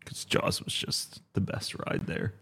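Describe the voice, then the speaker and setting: A man's voice: measured pace, sharp tone. A man in his thirties co-hosting a casual podcast, talking in an easygoing, rambling way with many ums. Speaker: podcast co-host.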